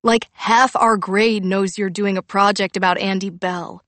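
A woman's voice: medium pitch, steady tone, unhurried, fairly bright tone, no echo, lightly acted. A woman voicing a teasing teenage boy who loves a joke, speaking in a theatrical, mocking way. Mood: dismissive.

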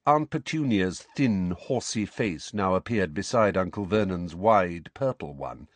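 A man narrates a novel with an animated, rolling delivery. His low voice has a husky edge, and it sits close and dry with no room sound at all. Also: measured pace, few pauses, no echo. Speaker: audiobook narrator. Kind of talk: scripted storybook narration.

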